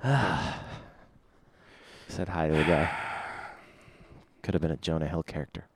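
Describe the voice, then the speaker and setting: A man's voice: a bass voice, a little slow, background noise. A man cohosting a podcast while walking outdoors, giving short, dry replies. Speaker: podcast co-host. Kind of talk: casual walking chat. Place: outdoors on a city street.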